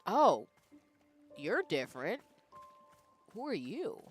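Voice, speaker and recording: Brief: woman streamer, casual game talk, quiet and mumbled, lively pitch, faint music behind. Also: slow. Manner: quiet, muttering to herself while playing. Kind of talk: casual gameplay commentary.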